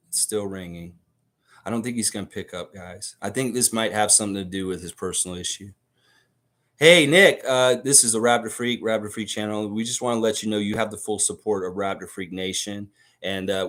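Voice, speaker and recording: A man's voice: lowish voice, fairly bright tone. A man from the Baltics hosting a sports livestream, amped up and profane as he rants and reads out chat comments. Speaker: livestream host.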